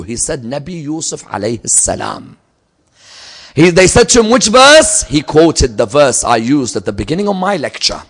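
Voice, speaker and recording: Emphatic male religious lecturer. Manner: storytelling, voice swings from loud emphatic peaks to low quiet asides. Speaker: Islamic lecturer.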